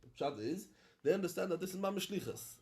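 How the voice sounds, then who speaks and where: A rabbi teaching a Talmud class to students, chanting the Aramaic text and then explaining it in English, often halting and repeating himself. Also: male voice, high-pitched, lively intonation, a little mellow, slightly rough. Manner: halting, with frequent restarts and repetition. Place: study hall in London.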